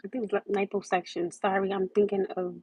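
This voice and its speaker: Young woman, casual rambling livestream chat, mellow husky voice, dull lo-fi sound. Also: mid-range voice, flat delivery, fairly quick, no room sound. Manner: rambling, conversational, repeats herself. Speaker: livestream host. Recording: muffled lo-fi livestream audio.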